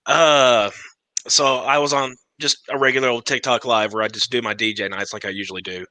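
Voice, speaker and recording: A man's voice: mid-range voice, fairly even intonation, fairly quick, sharp tone, no room sound, rough recording. A man guesting on a casual podcast chat, laid-back and laughing easily.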